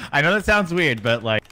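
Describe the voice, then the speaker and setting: A man chatting excitedly with friends while they game, often laughing mid-sentence. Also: on the high side, normal speed. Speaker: gaming friend. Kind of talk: casual chat while gaming.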